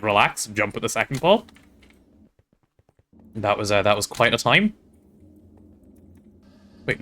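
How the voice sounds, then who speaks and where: A man chatting casually while playing on a game stream, talking to his chat and thinking out loud. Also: mid-range voice.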